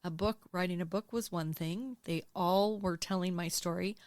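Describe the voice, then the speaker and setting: A woman in her sixties, a podcast guest, telling her own story in a candid, emotional, animated way and acting out what she said back then. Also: lowish voice, normal speed, no echo. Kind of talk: candid interview conversation. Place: podcast studio.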